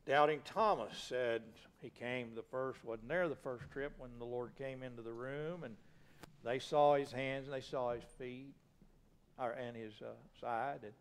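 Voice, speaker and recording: A male pastor preaching a sermon in a folksy, plain-spoken way, asking the congregation rhetorical questions. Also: medium pitch.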